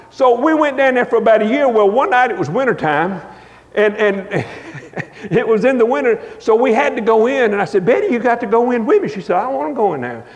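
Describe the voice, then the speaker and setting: A man preaching a revival sermon, telling stories in a folksy, emphatic, drawn-out cadence. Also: sits high, dull audio. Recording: long reverb of a church hall.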